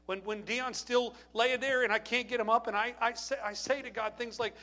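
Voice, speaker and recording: A middle-aged man preaching a sermon in a high, ringing voice. He sounds keen and forceful, swinging from pleading cries up top down to hushed, slow lines. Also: fairly even intonation. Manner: impassioned preaching, rising to near-shouts then dropping low. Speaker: pastor.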